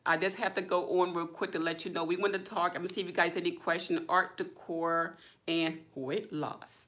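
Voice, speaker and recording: A woman hosting a casual YouTube livestream, chatting informally and greeting viewers by name with excited exclamations. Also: lowish voice, fairly quick. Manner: relaxed, drawling, informal speech.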